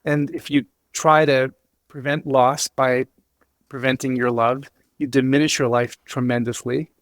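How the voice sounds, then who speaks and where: A man speaking as a podcast guest, earnest and emotional, halting with many restarts and fillers. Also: medium pitch, little pitch movement, fairly bright tone, no room sound, studio quality. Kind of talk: candid interview talk.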